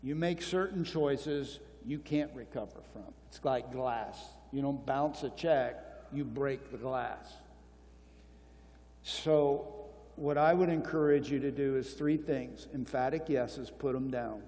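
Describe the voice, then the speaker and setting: A man's voice: mid-range voice, slow pace, warm tone. An older man answering questions at a marriage conference, earnest and exhortative, repeating key phrases. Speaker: conference speaker. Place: church hall. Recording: long reverb of a church hall.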